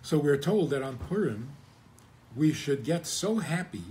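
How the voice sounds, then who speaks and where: Wry rabbi giving a chuckling talk. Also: male voice, mid-range voice, lively intonation, measured pace, a little mellow, a little hiss or hum. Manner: chuckling, rhetorical questions, wry humor. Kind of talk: conversational Torah talk.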